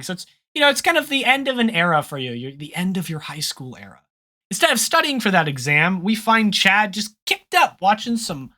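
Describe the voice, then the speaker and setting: Bright-voiced relaxed game master. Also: mid-range voice. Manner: relaxed, rambling, laughs often. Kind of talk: improvised narration of a tabletop role-play.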